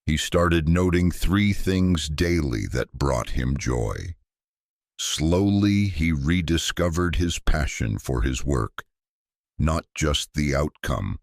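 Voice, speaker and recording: Very deep, slow motivational speaker man. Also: creaky, dry recording, clean studio sound. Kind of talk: scripted motivational speech.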